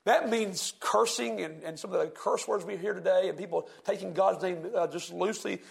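Male preacher, high gravelly voice, slow emphatic scripture reading, questions to the room. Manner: reads scripture slowly with heavy emphasis, asks the congregation questions. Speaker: pastor. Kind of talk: sermon.

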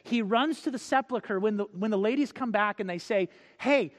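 A male preacher giving a sermon, telling stories, acting out quotes and reading scripture slowly. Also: high-pitched, in a large hall. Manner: storytelling, acts out quotes, reads scripture slowly.

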